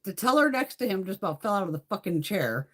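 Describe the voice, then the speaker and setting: A woman's voice: mid-range voice, very animated, fast. A woman in her fifties chatting casually on a makeup livestream, telling blunt, profane stories with frequent laughter and answering viewer comments.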